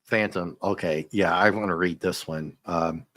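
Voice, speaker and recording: A man with a fairly low voice talks comics in a loose, chatty way, laughing as he goes and tripping over restarts. The sound is close and dry, with no room around it. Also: fairly even intonation, a little slow, fairly bright tone, dry recording. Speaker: comics review host. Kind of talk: casual comic review chat.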